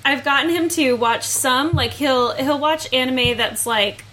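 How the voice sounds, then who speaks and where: A young woman with a high, bright, crisp voice, co-hosting a podcast in easygoing, self-mocking chat. A faint hum of room noise runs behind her. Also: unhurried, rough recording. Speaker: podcast co-host. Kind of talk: casual chat.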